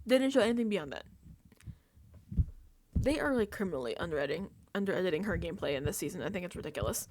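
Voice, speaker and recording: A woman hosting a reality TV recap, ranting casually and acting out quotes in an exasperated, animated way. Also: on the low side, fast talker, pauses often, a little hiss or hum.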